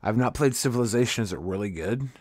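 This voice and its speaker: Tired, rambling male streamer with a low voice. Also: lively intonation, fast talker, darkish tone, no room sound, clean studio sound. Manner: rambling, self-mocking, swearing. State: tired and grumpy. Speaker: live streamer. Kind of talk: casual livestream chat.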